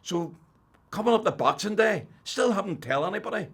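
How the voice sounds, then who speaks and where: An older man with a Northern Irish accent, telling his personal faith testimony as an animated storyteller who drops to a hush and then rises loud. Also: high voice, brisk, breathy edge. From Northern Ireland. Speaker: testimony speaker.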